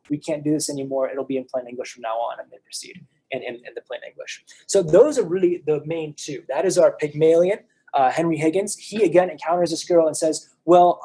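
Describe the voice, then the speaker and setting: Soft-toned American man teaching a class. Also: fairly high pitch, low-quality recording. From United States. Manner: conversational, frequent restarts and fillers. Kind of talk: casual lecture on a play.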